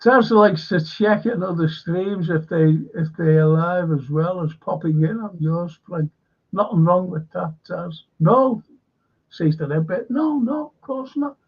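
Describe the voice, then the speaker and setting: A man hosts a fan stream, drifting slowly through viewer comments and muttered asides. His voice is gravelly and husky, sitting a little high for a man. The audio is dull and lo-fi. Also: steady tone. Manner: rambling, slow, mutters asides. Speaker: host. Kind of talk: live stream chat reading viewer comments.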